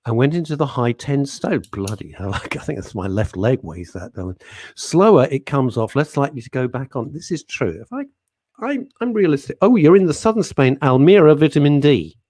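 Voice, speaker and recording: A man's voice: medium pitch, normal speed, no echo, clean studio sound. A man hosting a radio talk show, chatting casually and reading out listener comments by name. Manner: chatty, animated, jokey, talks to listeners by name.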